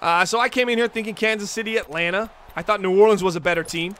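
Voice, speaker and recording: A man hosting a football video game livestream, calling the plays in excitable play-by-play and chatting to viewers. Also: high-pitched, fast talker, heavy background noise. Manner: excitable, chatty, talks straight to the chat viewers. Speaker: livestream host and commentator.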